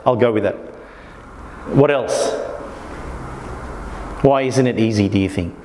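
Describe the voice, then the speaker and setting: A man's voice: fairly low pitch, measured pace, mellow, a little hiss or hum. A man presenting to a small meetup group, often checking in with his listeners and acting out inner thoughts. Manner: keeps checking in with the audience, acts out inner thoughts. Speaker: workshop presenter. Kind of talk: informal talk to a small group. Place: meetup room. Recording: echoey room with long reverb.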